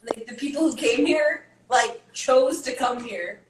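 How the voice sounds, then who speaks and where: A woman's voice: a little high, a little slow, reverberant. A woman joining a casual podcast chat, blunt and laughing.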